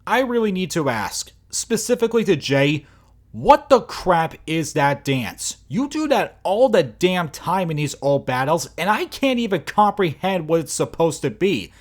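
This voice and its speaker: A man's voice: high voice, sing-song, a little slow. A man reviewing video clips in mocking, exasperated commentary, swearing often. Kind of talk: sarcastic commentary over clips.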